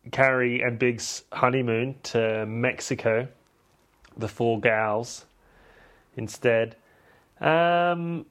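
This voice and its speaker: A man hosting a podcast, recapping a film in a cheeky, irreverent, chatty way. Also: mid-range voice. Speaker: podcast host.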